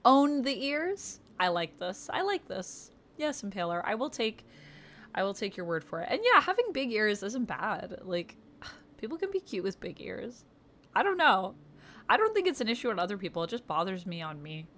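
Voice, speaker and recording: A young Canadian woman streaming casually, reading viewer comments aloud and answering them warmly. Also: mid-range voice, big pitch swings, moderate pace, slight background noise. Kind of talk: casual livestream chat.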